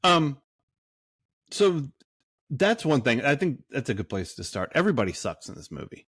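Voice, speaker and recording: A man's voice: mid-range voice, very animated, normal speed, fairly bright tone, slightly rough, dry recording, clean studio sound. Rambling, foul-mouthed male podcast co-host. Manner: rambling, profane, full of fillers and restarts. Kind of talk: casual chat.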